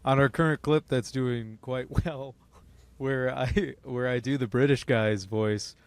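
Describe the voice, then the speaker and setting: A man's voice: mid-range voice, fairly even intonation, unhurried, smooth, no room sound. A man co-hosting a casual comedy podcast, loose and profane, laughing often and slipping into joke voices. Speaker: podcast co-host.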